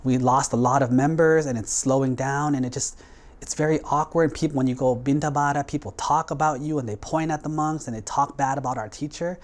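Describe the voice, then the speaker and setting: A man's voice: mid-range voice, fairly even intonation, brisk, natural voice. A man voicing an anxious, devoted young monk disciple who pleads urgently and repeats himself. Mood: pleading alarm.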